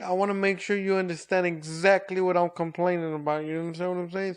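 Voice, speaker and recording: A man co-hosting a podcast who talks bluntly and crudely, stumbling and repeating himself. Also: sits high. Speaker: podcast co-host. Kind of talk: casual chat.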